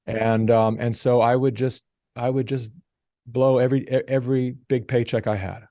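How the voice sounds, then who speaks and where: A middle-aged man telling a story as a podcast guest, animated and acting out the people he quotes. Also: mid-range voice, moderate pace, no room sound, clean studio sound. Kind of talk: casual storytelling interview.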